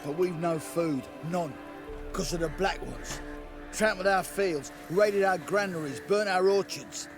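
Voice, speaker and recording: Gravelly, vengeful villager. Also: male voice, high voice, unhurried. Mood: bitter. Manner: hard, unforgiving. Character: bitter vengeful male villager. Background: game music.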